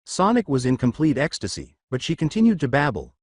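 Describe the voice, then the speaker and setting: A man narrating a fan fiction story, reading at an even storytelling pace. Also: mid-range voice, a little fast.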